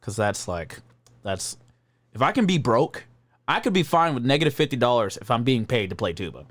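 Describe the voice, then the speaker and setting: Man, podcast guest, lively swinging pitch, profane and joking, dry room. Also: brisk, no room sound. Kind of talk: casual chat.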